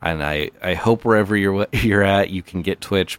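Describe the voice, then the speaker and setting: A man's voice: low-pitched, normal speed, hardly any pauses, loud music behind the voice. A man hosting a comedy podcast with call-ins, talking in a mock-earnest, playful way with stammered restarts. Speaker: podcast host.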